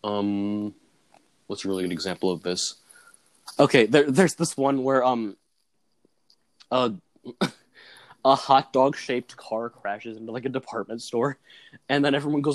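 Speaking at a moderate pace with frequent pauses, this young man has a mid-range voice, recorded dry. In a casual chat, the student describes his comedy sketch, wandering through it with plenty of "like" and chuckling at his own telling.

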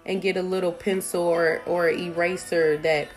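A woman with a lowish voice talks through single parenting in a loose, conversational monologue. She is a mother of several children and keeps dropping in fillers and asides as she goes. Faint music plays beneath her. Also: flat delivery, moderate pace. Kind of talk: casual advice monologue.

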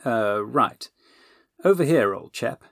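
A man voicing a cheerful, fussy male wizard, chummy and brisk. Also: mid-range voice, expressive, gravelly, fairly bright tone, dry recording, studio quality, full character voice.

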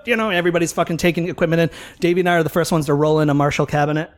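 A man's voice: on the high side, racing. A man telling a rambling tour story in casual chat, swearing freely and acting out what people said. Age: older than mid-twenties. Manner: profane, animated storytelling with acted-out quotes.

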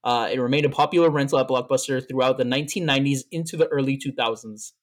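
A man's voice: mid-range voice, steady tone, fast. A man co-hosting a podcast in casual chat, telling stories in a playful, teasing way and tripping over his fillers. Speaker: podcast co-host.

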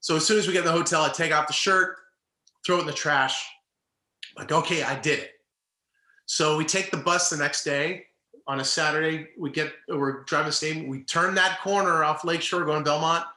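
Bright-voiced middle-aged man telling a story. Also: on the high side, fairly quick, echoey room. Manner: animated, acts out quoted people. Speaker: former baseball player, guest. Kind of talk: casual storytelling.

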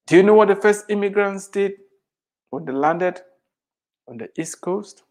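A motivational speaker giving an emphatic address, repeating phrases for effect and firing rhetorical questions, shifting between loud and soft delivery. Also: mid-range voice, moderate pace.

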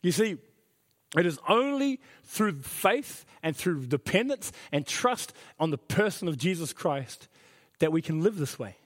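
Aussie pastor guy preaching, emphatic, repeats himself, voice a bit high, echoing church hall. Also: very animated, measured pace. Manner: earnest, emphatic, repeats key phrases. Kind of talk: sermon. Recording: reverberant hall.

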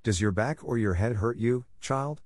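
A man voicing a kind, calm middle-aged doctor who speaks gently and reassuringly. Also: mid-range voice, moderate pace, no echo, studio quality, lightly acted. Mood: gentle.

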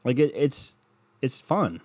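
Man, young adult, podcast host, rambling sarcastic rant, heavy swearing, mid pitch. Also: sing-song, slow, a little mellow. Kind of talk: casual ranting podcast monologue. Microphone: podcast microphone.

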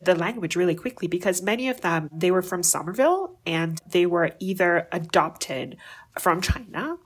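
A young woman with a Jamaican accent, a guest telling stories in an interview, animated and acting out the voices of people she quotes. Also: fairly low pitch, moderate pace, breathy edge. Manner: animated, acts out quoted voices, frequent laughter. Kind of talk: storytelling interview.

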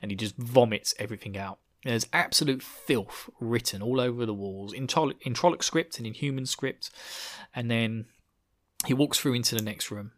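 Male podcast host, casual and animated, slangy storyteller with a middle-pitched voice. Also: moderate pace. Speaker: podcast host recapping a book. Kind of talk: casual chat.

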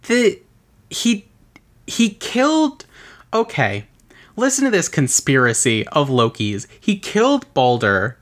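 This is a podcast host walking through a tabletop character build, their pitch leaping around as they talk. They drift into an exasperated, rambling retelling of the myth behind the character, full of quick asides and casual swearing. The voice sits in a middle register. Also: big pitch swings. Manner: casual swearing and filler words.

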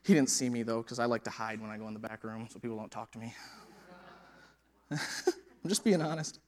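A man preaching a sermon in an animated, conversational way, with laughing asides. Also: mid-range voice, brisk, pauses often.

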